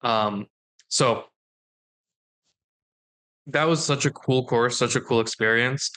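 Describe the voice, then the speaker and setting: A man's voice: medium pitch, slow, fairly bright tone. A young man co-hosting a podcast, telling a story in casual chat and acting out the dialogue. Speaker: podcast co-host.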